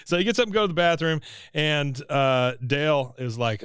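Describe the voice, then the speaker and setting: A man retells a cartoon episode in relaxed podcast chat. His voice is smooth and clear, recorded close and dry. Now and then he briefly mimics the characters. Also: fairly high pitch, normal speed, no echo. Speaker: podcast co-host. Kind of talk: casual recap chat.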